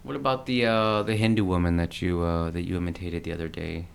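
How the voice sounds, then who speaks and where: A man's voice: low-pitched, fairly even intonation, a little fast, creaky, clean tone. A man co-hosting a casual live stream, rambling with many stammered restarts. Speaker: co-host.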